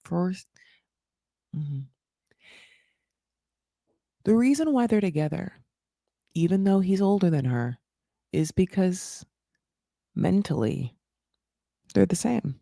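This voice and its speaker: A woman's voice: vocal fry, no room sound, studio quality. Chatty woman recapping TV. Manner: chatty, fast, lots of "like" and swearing; lively, jumps high for emphasis. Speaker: recap podcast host. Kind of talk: casual chat.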